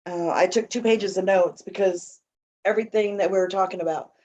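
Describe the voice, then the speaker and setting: A woman sharing personally at a recovery meeting, talking haltingly with many fillers and restarts. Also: mid-range voice, fairly even intonation, a little mellow, muffled recording.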